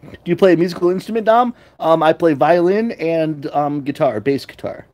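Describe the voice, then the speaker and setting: A livestream host chatting casually, reading viewer comments aloud and answering them, and sometimes cooing at kittens in a high baby-talk voice. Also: moderate pace, a little mellow. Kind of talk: casual live chat with viewers.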